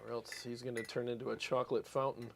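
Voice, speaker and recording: A man's voice: medium pitch, flat delivery, fast, creaky, slight background noise. A man co-hosting a casual livestream, laid-back and joking, calling people "man" and "dude.". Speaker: co-host of a guitar tone livestream.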